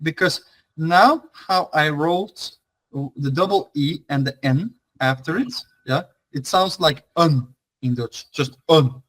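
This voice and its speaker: A man's voice: fairly high pitch, slow, fairly bright tone, poor audio. A young man teaching an online language class, talking in a loose, chatty way with many fillers and restarts.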